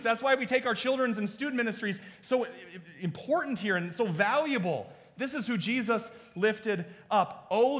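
A man preaching a sermon as pastor, moving between hushed, earnest appeals and lively storytelling. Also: sits high. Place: church sanctuary. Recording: long reverb of a large church hall.

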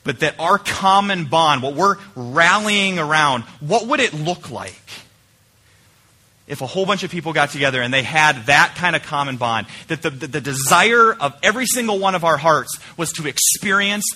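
A male pastor preaching a conversational sermon in a church, swinging between emphatic points and quiet, searching questions. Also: on the high side, animated, normal speed. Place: church sanctuary.

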